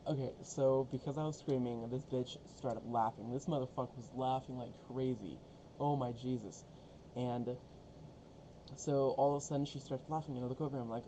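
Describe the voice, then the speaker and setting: A man's voice: medium pitch, brisk. Young man, casual profane vlog storyteller, noisy recording. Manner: profane, rambling, animated storytelling. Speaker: co-host telling a story.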